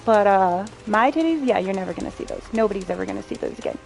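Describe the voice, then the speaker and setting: A woman's voice: medium pitch, expressive, fast talker, gravelly, a little mellow. Blunt, profane woman streamer. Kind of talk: casual chat while playing. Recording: faint game music behind.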